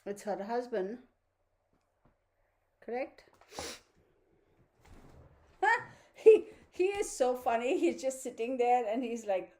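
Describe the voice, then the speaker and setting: A woman's voice: a little high, expressive, slow, long pauses, darkish tone. Chatty woman tarot vlogger. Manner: chatty, laughs often, baby-talks to her dog. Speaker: tarot reader, channel host. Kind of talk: casual chat to viewers.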